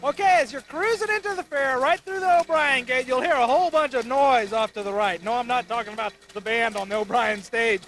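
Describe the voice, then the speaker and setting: Bright, very high-voiced jokey male reporter. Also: brisk, hardly any pauses, slight background noise. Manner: playful, wisecracking. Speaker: roving TV reporter. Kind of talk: jokey on-location fair reporting. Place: outdoors at a county fair.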